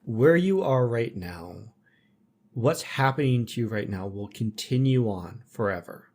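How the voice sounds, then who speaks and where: A man in casual conversation, speaking reflectively in measured, philosophical statements. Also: mid-range voice, expressive, a little mellow. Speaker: podcast guest.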